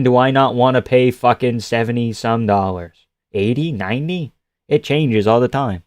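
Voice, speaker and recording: A man's voice: medium pitch, a little mellow, clear, resonant tone, no room sound. A man live-streaming in casual chat, joking and swearing as he answers viewers. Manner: profane, joking, rambling.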